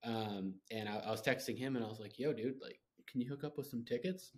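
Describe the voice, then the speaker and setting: Relaxed young man co-hosting a podcast. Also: medium pitch, fairly quick. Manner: relaxed, chimes in with short reactions. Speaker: podcast co-host. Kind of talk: casual chat.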